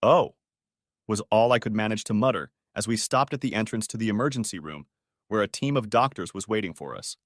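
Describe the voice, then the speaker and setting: A man narrating a first-person audiobook story in a steady storytelling manner. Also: lowish voice, fast talker, dry recording, studio quality.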